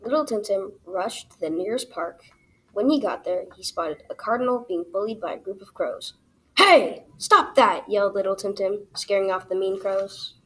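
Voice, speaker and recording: A woman reading her own children's story aloud as the storyteller, in an expressive, animated way. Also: mid-range voice, normal speed, poor audio.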